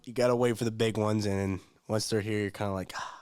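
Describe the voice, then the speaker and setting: A man's voice: on the low side, steady tone, fast, darkish tone, clean tone, dry recording, studio quality. A man co-hosting a casual sports podcast, talking in a laid-back, teasing way and repeating phrases for effect. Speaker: podcast co-host.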